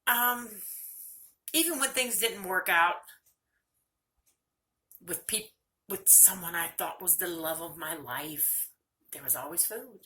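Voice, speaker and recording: A woman's voice: lowish voice, takes it slowly, long pauses, sharp tone. An older woman talking candidly and earnestly in a personal video monologue, speaking straight to her viewers. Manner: candid, earnest, close to tears at times. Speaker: vlogger.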